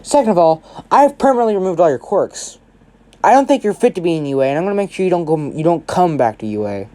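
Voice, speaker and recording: Smug teen hero guy, mellow and chill, kinda menacing dude doing the voice. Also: on the high side, lively intonation, quick pace, close to an everyday voice. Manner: offhand, casually cruel.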